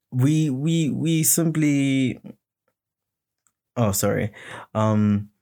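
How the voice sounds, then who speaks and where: A man's voice: mid-range voice, drawn-out words, vocal fry, mellow. A man hosting his own podcast, ranting in a rambling, heated, unscripted way and swearing often. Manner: rambling, heated, swearing, mimics others in mocking voices. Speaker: podcast host. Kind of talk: solo casual rant.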